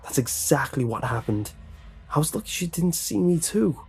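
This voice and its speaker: A man's voice: on the high side, big pitch swings, moderate pace, gravelly, darkish tone, slightly rough, faint music behind, pitched above the performer's own voice, full character voice. Man doing a breathless, scared teen boy. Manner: whispered, breathless. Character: frightened teenage boy Nick, breathless.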